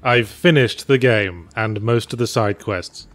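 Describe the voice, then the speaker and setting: A man's voice: fairly low pitch, a little slow. A man co-hosting a casual let's play, explaining the game in a dry, sardonic way. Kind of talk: casual gameplay commentary.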